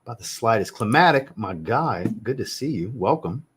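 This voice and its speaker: A man with a fairly low voice chats casually on a home livestream. He answers viewers in a blunt, joking way and swears freely. He sounds like a man in his thirties. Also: sing-song, moderate pace, noisy background. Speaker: fragrance reviewer hosting a live chat. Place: home room with a fragrance shelf.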